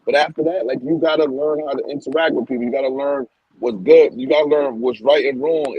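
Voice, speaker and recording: A man's voice: mid-range voice, darkish tone, husky, no room sound, low-quality recording. A man co-hosting a casual podcast, talking emphatically and opinionatedly, often repeating and restarting his words.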